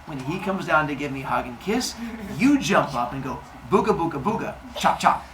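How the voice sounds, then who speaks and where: A man's voice: on the high side, animated, fairly quick, a bit bright, a little hiss or hum. A man voicing a scheming female earth goddess in a told myth, barely changing his own voice. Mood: plotting.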